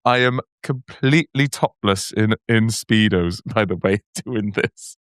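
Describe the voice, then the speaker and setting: A man's voice: fairly low pitch, expressive, slow pace, no room sound, clean studio sound. A man co-hosting a comedy podcast, telling stories and laughing often in casual chat. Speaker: podcast co-host.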